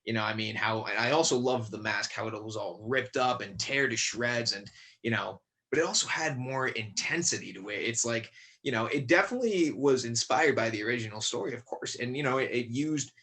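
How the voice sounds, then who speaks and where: A man's voice: medium pitch, fairly quick, bright, forceful tone. A man about twenty from Connecticut, a young actor chatting as a podcast guest, rambling with many fillers and restarts. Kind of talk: casual podcast interview.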